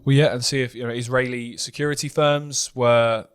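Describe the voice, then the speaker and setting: A man's voice: medium pitch, steady tone, moderate pace, clear, resonant tone. Man co-hosting a news show. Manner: earnest, talks in long run-on points. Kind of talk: casual news commentary.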